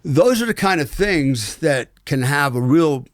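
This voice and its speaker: A man's voice: fairly high pitch, lively intonation, measured pace, dry recording, clean studio sound. A middle-aged American man, a former special forces soldier, telling war stories as a podcast guest in a frank, rambling way with many fillers. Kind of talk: storytelling in a conversational interview.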